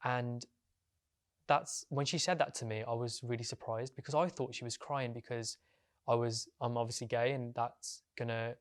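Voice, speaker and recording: A young man with a Birmingham accent tells a personal story. His voice sits at a middle pitch and stays flat, with little melody. He sounds reflective and candid, and uses plenty of fillers. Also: moderate pace. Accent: Birmingham English. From England. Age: young adult. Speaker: interviewee.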